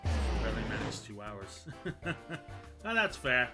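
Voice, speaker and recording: A man's voice: fairly low pitch, huge pitch swings, takes it slowly, loud music behind the voice. A man streaming a video game, recapping and joking in casual, rambling, sometimes profane commentary.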